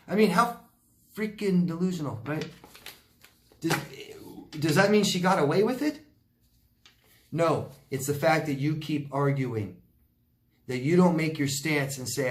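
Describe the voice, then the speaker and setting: A man's voice: on the high side, unhurried, long pauses, roomy sound. A man giving blunt relationship advice as a coach, answering viewer questions and acting out quoted people. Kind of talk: Q&A advice talk.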